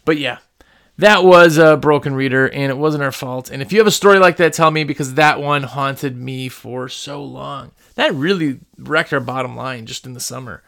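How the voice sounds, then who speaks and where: Smooth-voiced man telling rambling stories. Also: mid-range voice, normal speed. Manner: rambling, animated, with many fillers and restarts. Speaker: small business owner. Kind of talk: casual storytelling.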